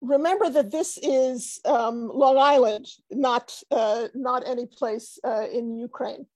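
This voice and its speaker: A woman's voice: on the high side, slow pace, darkish tone, no room sound. A woman giving an academic panel talk over a video call, hesitant with many fillers and restarts.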